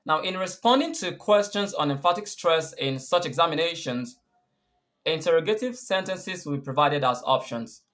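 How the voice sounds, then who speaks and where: A male English coach with a Nigerian accent explains stress patterns step by step. His voice sits a little high, and he asks the listener questions and then answers them himself. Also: animated, a bit bright. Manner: clear, deliberate explanations with repeated quiz questions. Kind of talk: scripted lesson.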